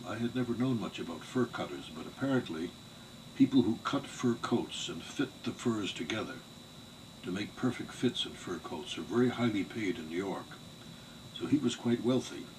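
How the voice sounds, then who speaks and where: An older man giving an oral history interview, telling family memories in a measured, digressive way. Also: lowish voice, lively intonation. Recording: distant mic with faint background noise.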